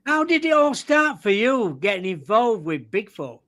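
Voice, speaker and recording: A man hosting a radio talk show, with a notably high-pitched voice. He reads the guest's introduction in a steady, welcoming way, then turns friendly and conversational as he starts the interview. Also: normal speed.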